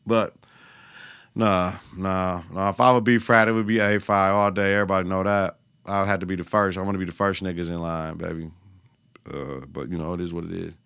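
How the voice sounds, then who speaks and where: A young adult man hosting his own podcast, talking in a loose, profane, animated way and breaking into laughter as he tells stories. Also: lowish voice, a little fast, gravelly, smooth, no echo, studio quality. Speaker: podcast host. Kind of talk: casual solo podcast rant.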